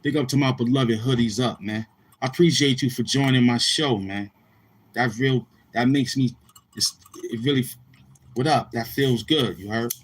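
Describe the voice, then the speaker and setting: A man's voice: mid-range voice, normal speed, husky. A man with a Brooklyn accent hosting a casual stream, chatting in slang and rapping bars. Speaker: YouTube host. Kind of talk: live-stream freestyle and chat.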